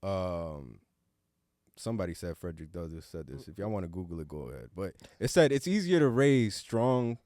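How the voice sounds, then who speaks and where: This podcast co-host, a grown man with a young son, talks in a low-sitting, very animated voice at normal speed, slightly mellow in tone. He's earnest and reflective at a casual roundtable, occasionally dropping a casual swear. Studio-quality, dry audio.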